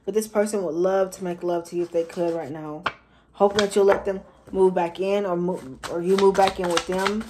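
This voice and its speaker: A woman's voice: on the low side, fairly even intonation, normal speed, background noise. Woman, tarot reader, casual and slangy, talks straight to her viewers. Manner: chatty, slangy, repeats herself for emphasis.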